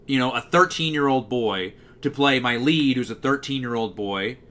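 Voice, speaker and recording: A man with a low bass-baritone voice chats casually as a livestream host. His tone is bright and forward, at an ordinary pitch for a man. He talks freely and answers messages from chat as they come in. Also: normal speed.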